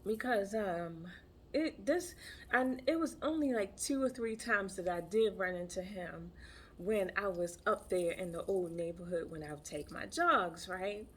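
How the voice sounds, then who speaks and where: Woman chatting through a story, mid-pitched voice, keeps repeating herself, faint hiss behind. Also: unhurried, fairly bright tone. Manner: chatty and emphatic, repeats phrases. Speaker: tantra practitioner. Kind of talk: casual storytelling.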